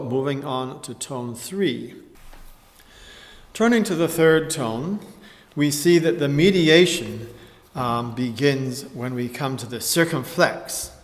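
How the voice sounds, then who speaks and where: A man teaching a chant tutorial, explaining slowly and carefully and often clearing his throat. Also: medium pitch, big-room sound. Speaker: music teacher.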